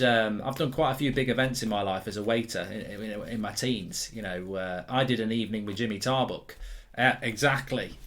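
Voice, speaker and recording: A man's voice: mid-range voice, fairly bright tone. A man hosting a reaction video, chatting casually with blunt, jokey banter and swearing. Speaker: host reacting to clips of himself.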